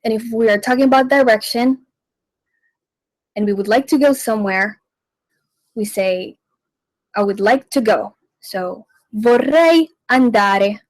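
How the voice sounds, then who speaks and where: A woman hosting a radio language lesson, teaching slowly and repeating each phrase so listeners can follow. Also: fairly high pitch, no echo, low-quality recording. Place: radio studio.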